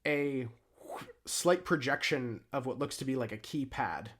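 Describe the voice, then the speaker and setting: Dm guy narrating a tabletop game, relaxed and rambly. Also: mid-range voice, a little slow, husky. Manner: laid-back, hesitant narration with many fillers. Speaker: dungeon master.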